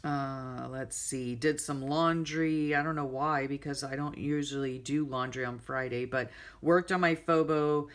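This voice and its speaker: A woman's voice: deep voice, measured pace, few pauses. Chatty middle-aged woman rambling. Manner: animated storytelling, many fillers and asides. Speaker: journal flip-through vlogger.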